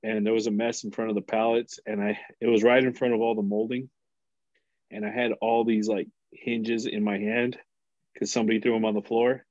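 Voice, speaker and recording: A man in his thirties, a podcast guest, telling a story in a casual, profane and animated way. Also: fairly low pitch, a little fast, no echo, highs cut off. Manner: animated, profane, acts out quoted voices.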